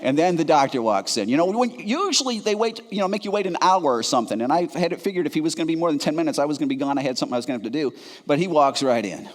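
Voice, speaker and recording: A man preaching a sermon, telling a self-mocking story with animated delivery and frequent stammered restarts. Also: a little high, rapid-fire. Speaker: pastor. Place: church sanctuary. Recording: reverberant church hall.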